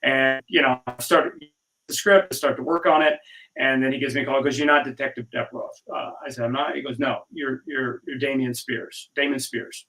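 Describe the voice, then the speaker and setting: A middle-aged man guesting on a video call, easygoing and chatty, acting out bits of old conversations as he recounts them. His voice comes across from a bit back from the mic, with a mid-range pitch. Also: fairly even intonation, fairly quick, bright, forceful tone, recorded from a distance, rough recording. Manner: easygoing storyteller, acts out dialogue. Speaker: actor guest. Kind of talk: casual interview chat.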